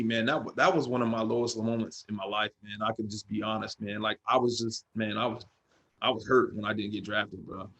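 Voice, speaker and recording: Middle-aged man telling stories casually. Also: lowish voice. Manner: loose storytelling, peppered with "man" and "bro". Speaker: guest, former pro football player. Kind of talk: casual podcast interview.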